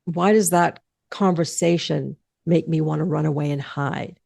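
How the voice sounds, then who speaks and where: Gravelly-voiced woman podcast host. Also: sits low, steady tone, normal speed, mellow, no room sound, clean studio sound. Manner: candid, blunt and playful. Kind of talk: casual interview chat.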